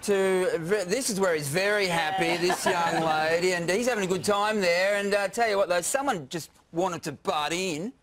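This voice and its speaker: Man, co-host, joking and rambling, a bit high voice, loud live audience. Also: moderate pace, few pauses, a loud crowd. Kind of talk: casual studio banter.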